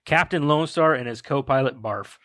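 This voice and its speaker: A man's voice: medium pitch, normal speed, fairly bright tone, dry recording, clean studio sound. A man hosting a casual movie podcast. He swears freely and laughs while reading out a plot summary. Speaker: podcast host.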